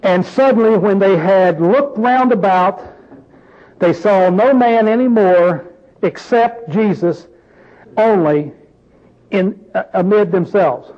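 High-voiced folksy male preacher. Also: slow, highs cut off. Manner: folksy, asks the group questions, plain-spoken. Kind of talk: informal Bible-study sermon.

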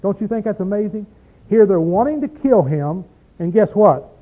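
A man with a notably high voice preaches in a folksy, emphatic way. He peppers the sermon with rhetorical questions and drags out key words of scripture. The sound is thin and phone-like, as on an old radio broadcast. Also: lively intonation. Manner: slows down to stress verses.

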